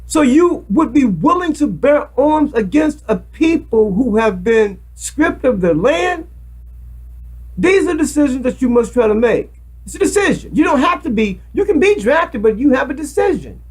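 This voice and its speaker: Rambling man with a lively high voice. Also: normal speed, slightly rough, rough recording. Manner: rambling, repeats words, preachy. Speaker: self-made video commentator. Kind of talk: casual monologue to camera. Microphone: webcam.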